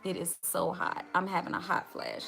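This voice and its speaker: A woman's voice: lowish voice, little pitch movement, moderate pace, vocal fry, fairly bright tone, faint music behind. A middle-aged woman hosting a casual live makeup tutorial, chatty, greeting viewers by name and calling out to "y'all". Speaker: makeup livestream host.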